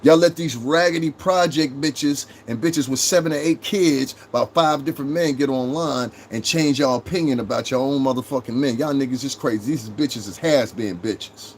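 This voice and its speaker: Speaking directly to his chat, this brash, foul-mouthed New Yorker in his thirties runs a casual livestream. He talks briskly with few pauses in a mid-range voice, and there's slight background noise.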